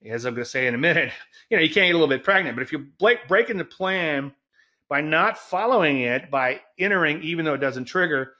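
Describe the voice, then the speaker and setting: A man hosting a trading talk show, speaking in a folksy, emphatic way, drawing out key words slowly and chuckling at his own jokes. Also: fairly high pitch, animated, sharp tone, dull audio. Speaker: trading educator and show host. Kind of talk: solo market talk show.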